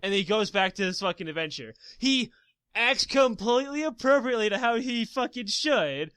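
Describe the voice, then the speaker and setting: Casting: man, podcast co-host, high voice, swears a lot, heated rants, dry close mic. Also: animated, moderate pace, pushed and bright, smooth, no echo. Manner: profane, ranting, heated storytelling. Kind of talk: casual gaming podcast chat.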